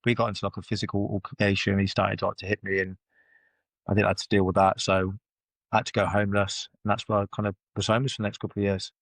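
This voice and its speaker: A man's voice: lowish voice, little pitch movement, fast, no echo. A man telling his life story as a podcast guest, blunt and swearing freely, with loose run-on phrasing. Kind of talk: candid personal storytelling in conversation. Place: podcast studio.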